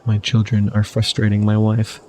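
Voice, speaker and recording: A man's voice: on the low side, monotone, moderate pace, dark tone, a little hiss or hum. A man hosting a game channel, reading game text aloud as he plays, often laughing and making wry asides. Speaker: gaming channel host. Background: faint game music.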